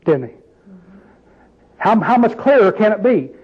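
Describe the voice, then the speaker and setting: High-voiced folksy male preacher. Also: very animated, measured pace, slightly rough, dull audio. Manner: folksy, asks the group questions, plain-spoken. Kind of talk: informal Bible-study sermon.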